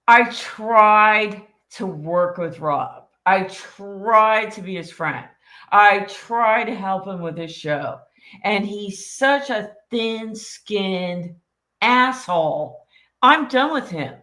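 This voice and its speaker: A woman co-hosting a casual podcast, ranting bluntly and swearing freely. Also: mid-range voice. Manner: blunt, profane, animated ranting. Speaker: co-host.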